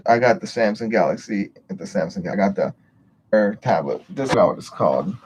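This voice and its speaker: A man's voice: lowish voice, lively intonation, moderate pace, a little mellow, a little hiss or hum. A man chatting casually on a livestream, greeting viewers and rambling with frequent swearing. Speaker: livestream host.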